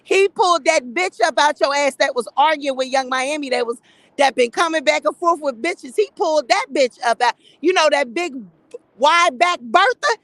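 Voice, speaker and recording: A middle-aged woman giving casual opinion commentary in a blunt, profane, animated gossip style. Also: high-pitched, no echo, rough recording. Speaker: commentary vlogger.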